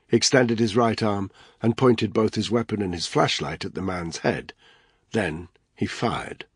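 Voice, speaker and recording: A man narrates an action thriller audiobook in a steady, even manner. His voice is deep with a husky edge. The recording is dry and close, with no room sound. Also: no room sound.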